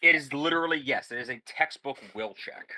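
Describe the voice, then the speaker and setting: Bright-voiced man running a tabletop game. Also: mid-range voice, a little fast. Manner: thinks aloud, explains rules in detail. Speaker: game master. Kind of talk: narrating and ruling a tabletop game.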